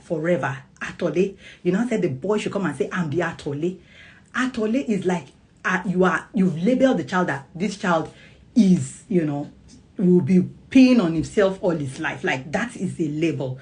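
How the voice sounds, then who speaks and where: Woman, parenting vlog monologue, lower voice, lively, acts out quotes, laughs a lot. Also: normal speed. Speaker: parenting vlogger; child psychologist. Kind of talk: casual monologue to camera.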